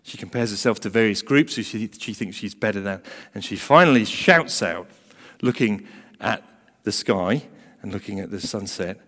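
A man preaching a sermon who tells a story emphatically, swinging between loud emphasis and hushed asides. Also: fairly low pitch, normal speed. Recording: long hall reverb.

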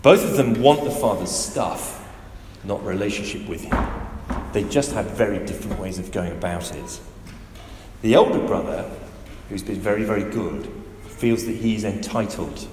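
A man delivers a sermon with a lively, rising-and-falling voice, pressing points home and asking the congregation questions. His words echo around a big hall with a long reverb tail and faint room noise behind. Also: lowish voice, normal speed. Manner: animated, emphatic, asks the listeners direct questions. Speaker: preacher. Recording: echoey hall with faint ambience.

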